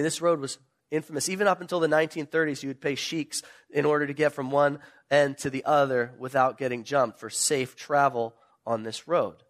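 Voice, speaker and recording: Animated male preacher, slightly high voice. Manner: animated storytelling, emphatic questions. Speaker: pastor. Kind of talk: sermon.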